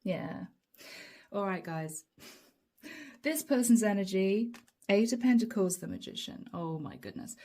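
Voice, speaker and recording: Brief: woman, tarot reader, unhurried soft delivery, mellow tone. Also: mid-range voice, animated. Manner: slow, soft, drawn-out delivery with whispered asides. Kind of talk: channeled tarot reading.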